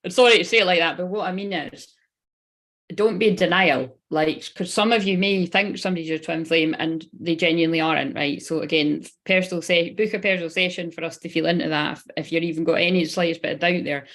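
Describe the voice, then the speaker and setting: A woman in her thirties with a slightly low voice runs a live-streamed card reading. She rambles from thought to thought and swears casually. She keeps turning to talk straight to her viewers. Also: steady tone, brisk, a bit bright. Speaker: spiritual reader.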